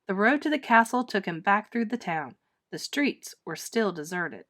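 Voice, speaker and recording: A woman reading a children's storybook aloud with dramatic, expressive narration. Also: medium pitch, moderate pace. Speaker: storybook reader. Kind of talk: children's book read-aloud.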